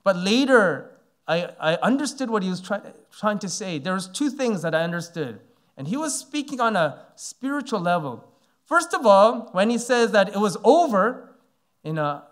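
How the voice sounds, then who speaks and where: A man's voice: sits high, sing-song, normal speed, a bit bright. A man in his forties from Canada, preaching a sermon as a pastor and telling a story with many fillers. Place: church sanctuary.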